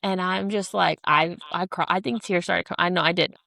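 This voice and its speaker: A woman in her thirties, co-hosting a podcast and telling a story in a loose, animated way, with frank language and acted-out quotes. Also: fairly low pitch, normal speed, vocal fry. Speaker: podcast co-host. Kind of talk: casual chat.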